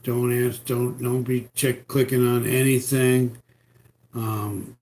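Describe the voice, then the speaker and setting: A man with a New York accent and a deep voice, giving rambling, repetitive computer security tips on a live stream. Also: little pitch movement, takes it slowly, a little mellow. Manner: rambling, repetitive, folksy advice. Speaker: computer repair host. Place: home in Florida.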